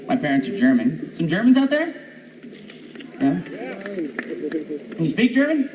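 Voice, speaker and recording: Animated male stand-up comic, lively pitch. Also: takes it slowly. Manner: animated, jumps into high silly voices for bits. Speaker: stand-up comedian. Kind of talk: stand-up comedy set. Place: comedy club stage. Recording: dull old recording from far off, noisy.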